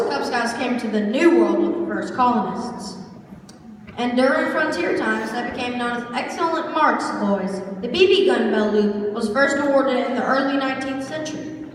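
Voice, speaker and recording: Woman acting out a self-important announcer, pompous mock-official tone, high-ish voice, amateur stage skit, distant mic, long hall reverb. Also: a little hiss or hum. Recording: echoey hall from far off.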